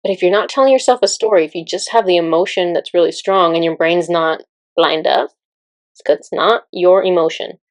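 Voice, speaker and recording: A woman in casual spiritual teaching talk, chatty and quick to laugh, with many fillers. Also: fairly low pitch, no room sound.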